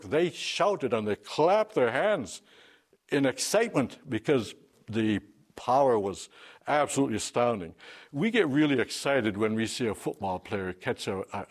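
A man preaching an unscripted sermon, emphatic, with fillers and restarts. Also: medium pitch.

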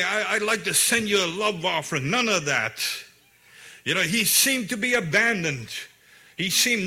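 A man preaching a sermon in a relaxed, conversational way, often saying "you know.". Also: high-pitched.

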